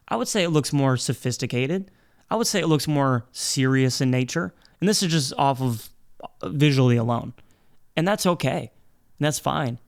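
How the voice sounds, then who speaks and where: A man hosting a solo podcast in a rambling, playful and profane style, often restarting his sentences. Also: medium pitch. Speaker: podcast host. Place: indoor studio set with black background.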